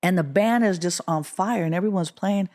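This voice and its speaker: A middle-aged woman from Oakland, California, a guest musician telling a story in an interview, acting out the quotes with a rising voice. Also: moderate pace. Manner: animated, acts out quotes with rising pitch.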